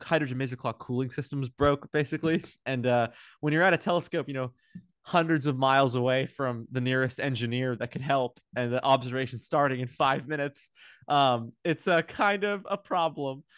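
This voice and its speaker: A man, an astronomy researcher, chatting casually as an animated, playful storyteller. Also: mid-range voice, normal speed, smooth, no echo, clean studio sound. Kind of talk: casual conversation.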